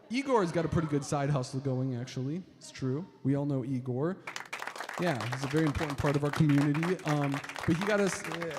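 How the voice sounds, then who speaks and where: A man doing a stand-up comedy set on stage, rambling with lots of fillers and talking to the audience as folks. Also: fairly high pitch. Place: stage before a live audience. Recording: reverberant hall with crowd and noise.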